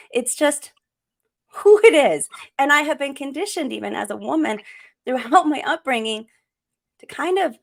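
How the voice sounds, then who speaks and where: A middle-aged woman hosting a parenting show, thinking aloud in a reflective, conversational way. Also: fairly high pitch. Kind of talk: conversational podcast talk.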